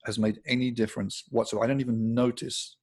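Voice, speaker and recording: A man's voice: medium pitch, level tone, quick pace, a little mellow, slightly rough. An older man with an English accent, a guitarist, chatting casually in an interview and telling anecdotes, often laughing. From England. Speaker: guitarist guest.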